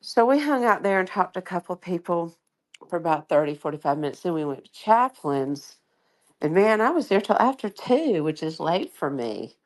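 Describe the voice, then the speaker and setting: A woman's voice: on the low side, big pitch swings, normal speed. A tired woman with a slight lisp, telling a story in rambling, chatty co-host talk. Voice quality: slight lisp from a dental tray. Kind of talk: casual chat.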